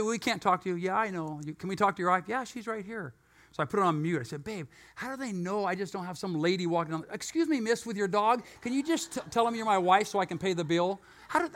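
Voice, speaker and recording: A pastor preaches in a bright, ringing voice. He tells a folksy story and acts out each side of the dialogue. His delivery sits high and carries joking asides. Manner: animated storyteller, acts out both sides of dialogue. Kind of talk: sermon with personal story.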